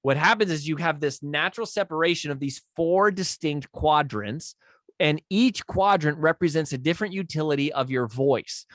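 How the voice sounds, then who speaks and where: A man's voice: fairly high pitch, moderate pace, a bit bright, no echo, studio quality. A male podcast host explaining a speaking technique in a conversational teaching manner, often checking in with his listeners.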